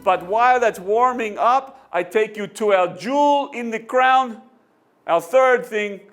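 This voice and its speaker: An actor playing a pompous, bossy senior weather forecaster who speaks stiff, halting formal English in a put-on accent. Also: male voice, high-pitched, fairly bright tone, faint music behind. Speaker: comic actor. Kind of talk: amateur comedy sketch.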